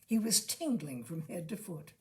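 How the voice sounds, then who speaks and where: A woman reading a comic short story aloud in expressive, scripted narration. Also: fairly low pitch, normal speed. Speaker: reader of short stories.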